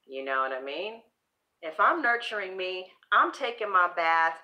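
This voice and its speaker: A woman's voice: fairly low pitch, animated, a little slow, sharp tone. A woman hosting a casual motivational monologue on self-esteem, sassy and preachy, swearing freely and acting out pep talks to herself. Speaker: tarot channel host giving self-esteem talk.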